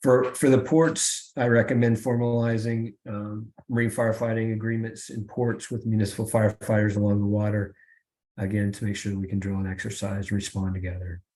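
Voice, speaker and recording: A middle-aged man giving a webinar presentation over a video call, pausing often with fillers and restarts. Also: lowish voice, level tone, dark tone. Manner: halting, many fillers and restarts.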